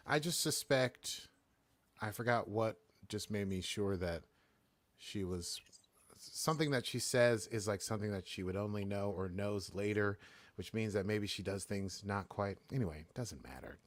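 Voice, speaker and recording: A man's voice: on the low side, moderate pace, no room sound. A man co-hosting a casual podcast chat, rambling and hesitant with lots of ums and restarts. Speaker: podcast co-host.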